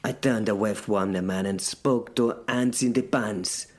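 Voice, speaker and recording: A man narrating a comic first-person audio drama in a dry, deadpan, sardonic way. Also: lowish voice, a little slow. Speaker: narrator and lead voice of an audio serial.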